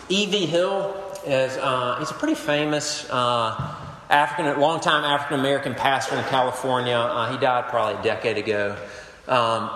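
Male pastor, sermon delivery, mid-pitched voice, roomy echo with a long reverb tail. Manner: animated storytelling, swings between emphatic and hushed. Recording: echoey hall with long reverb.

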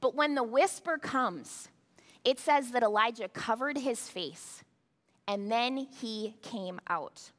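A woman's voice: fairly high pitch, slow, a bit bright. A woman pastor giving a sermon, talking conversationally with rhetorical asides to the congregation. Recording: long hall reverb.

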